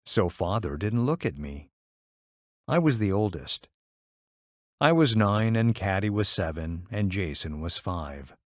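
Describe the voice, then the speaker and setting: A man narrating a short story as an audiobook in a measured way. His voice is low and slow, with lively rises and falls. The recording is close and dry. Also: no room sound. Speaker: story reader.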